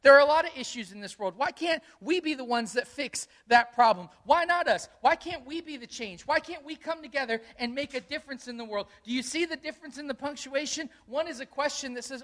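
A middle-aged man preaching a sermon as pastor, conversational and energetic, with many rhetorical questions. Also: very high voice, brisk, few pauses.

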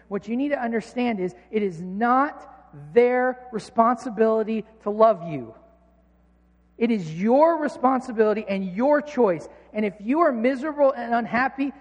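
A man in his thirties preaches with earnest conviction, then pokes fun at himself in a personal story. His voice sits high for a man. It carries with a long reverb, as if across a large church hall. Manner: earnest, self-mocking storytelling. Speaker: pastor.

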